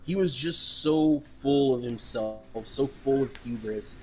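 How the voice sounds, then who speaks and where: A man co-hosting a casual podcast, ranting in a profane, mocking ramble full of fillers. His voice sits at an ordinary middle pitch. A faint hiss of noise runs under the recording. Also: a little slow, a little mellow. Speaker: podcast co-host. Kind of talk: casual chat.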